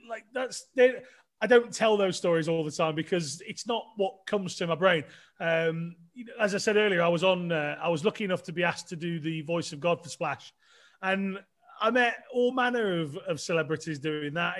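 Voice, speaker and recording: A man's voice: sits high, a bit bright. A middle-aged man with a chatty, self-deprecating manner, telling stories casually as a podcast guest, with many restarts. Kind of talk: casual storytelling.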